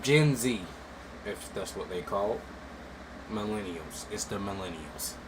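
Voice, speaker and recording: A man giving casual, mocking commentary, swinging from loud outbursts to low mutters. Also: expressive, unhurried, background noise.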